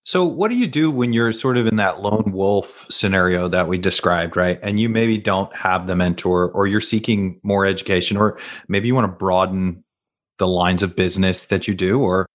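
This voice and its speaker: A male interview host with a low voice. He asks long, meandering questions in an easy, relaxed way. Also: normal speed. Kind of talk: conversational interview.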